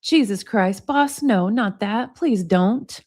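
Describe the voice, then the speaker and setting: A woman's voice: mid-range voice, takes it slowly, a little mellow. Woman reading a big tough man, pleading. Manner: earnest, pleading. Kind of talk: dramatic reading on a livestream.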